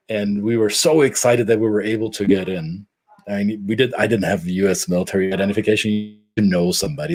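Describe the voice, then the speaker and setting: A middle-aged man from Germany, telling stories in a casual podcast chat, animated and prone to restarts. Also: lowish voice. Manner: animated storyteller with frequent restarts. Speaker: podcast co-host.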